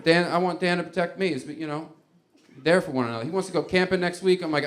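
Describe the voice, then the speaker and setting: A man's voice: a little high, fast talker. A man doing a stand-up comedy set, rambling and chuckling with many fillers.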